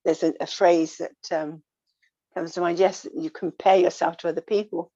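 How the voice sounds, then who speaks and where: Woman giving gentle life advice, lowish voice, dry dull lo-fi sound. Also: little pitch movement, moderate pace, no echo. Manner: earnest, repeats phrases, gentle coaching tone. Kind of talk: reflective casual talk.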